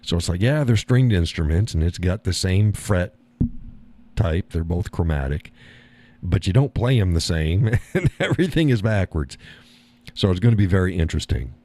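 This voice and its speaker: A man's voice: low voice, very animated, normal speed, mellow. A man hosting a live stream, chatting casually and reading the chat, folksy and easygoing, often repeating his own phrases.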